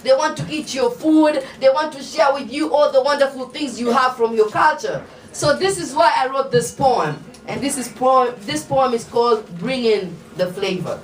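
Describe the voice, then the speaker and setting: A woman with a Kenyan accent performing animated comic storytelling and spoken word poetry, shouting punchlines and laughing through lines. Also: high voice, normal speed, few pauses. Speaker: poet and storyteller. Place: small bar lounge with audience. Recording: roomy live bar recording from a distance.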